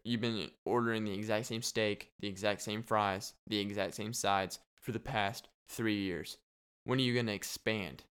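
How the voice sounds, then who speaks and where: A man's voice: on the low side, steady tone, normal speed, a bit bright, smooth. A young man hosting a casual solo podcast, rambling and joking with frequent laughs. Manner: rambling, jokey, laughs often. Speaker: podcast host.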